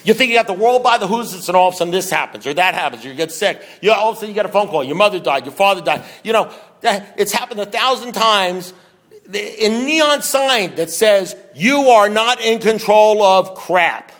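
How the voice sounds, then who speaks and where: A man's voice: sits high, lively intonation, fast talker, fairly bright tone. A man speaking at a recovery meeting, preaching with rhetorical questions and wry humor. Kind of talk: impassioned talk to a meeting. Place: meeting room with an audience.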